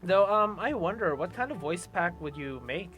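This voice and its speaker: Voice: medium pitch, expressive, moderate pace. A streamer hosting a casual chat, playful and laughing often, trailing off into fillers. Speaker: streamer host.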